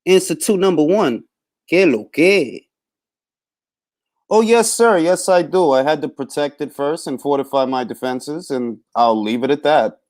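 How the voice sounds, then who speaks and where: A man hosting a live boxing talk stream in casual, laid-back chat, shouting out viewers by name. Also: fairly high pitch, moderate pace, few pauses.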